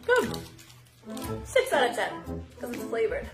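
A woman's voice: on the high side, wildly swooping pitch, takes it slowly, vocal fry, reverberant, over music. A woman casually reviewing snacks on camera, chatty and giggly, sometimes talking with her mouth full. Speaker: snack taster.

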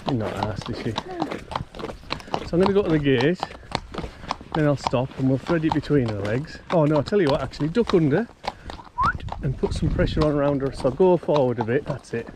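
Horse trainer, coaxing. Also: male voice, medium pitch, animated, normal speed, long pauses. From Cumbria, England. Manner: blunt, encouraging, coaxing the pony. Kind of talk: casual instructions while training a pony. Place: outdoors in a yard and on a lane with a pony. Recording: outdoor noise, hoof clatter.

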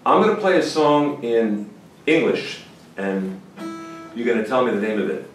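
Guitar teacher, male, folksy and lively, very roomy sound, mic set well back. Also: medium pitch, moderate pace, recorded from a distance. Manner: folksy, lively, bursts into exclamations. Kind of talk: informal guitar lesson.

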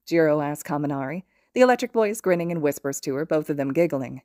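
A woman reading fan fiction aloud as a podfic, with steady, expressive storytelling. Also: low voice, fast, no echo, clean studio sound. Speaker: podfic reader.

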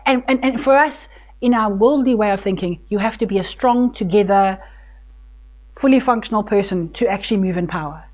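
A South African woman teaches a Bible study group in a casual, conversational way, with medium pitch and a slightly fast pace. She restarts often and speaks tenderly whenever she voices God.

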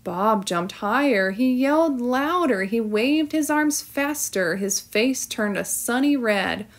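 A woman teacher reading a storybook aloud with clear, expressive narration. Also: fairly high pitch, takes it slowly.

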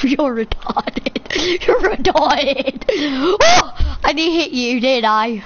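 A woman streaming a live console game, excitably yelling and laughing at other players over a headset mic. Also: high-pitched, slow pace, dull audio, slight background noise. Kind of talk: live gameplay chatter.

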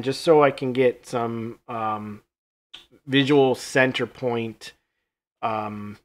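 Easygoing man talking through a paint job. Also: medium pitch. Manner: easygoing, rambling, self-joking; thinks aloud while working. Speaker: mask artist demonstrating painting. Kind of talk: live painting tutorial.

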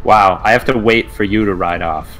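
A man's voice: fairly low pitch, normal speed, a bit bright. A man co-hosting a casual game let's play, wry and teasing, over faint game music. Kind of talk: casual gameplay chat.

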